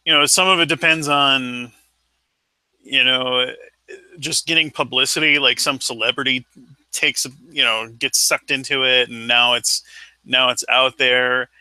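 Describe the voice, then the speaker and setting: A man co-hosting a casual podcast, talking in a measured, hedging way full of fillers. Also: mid-range voice, steady tone, bright, forceful tone, smooth, no room sound, rough recording. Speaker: podcast co-host. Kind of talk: casual chat.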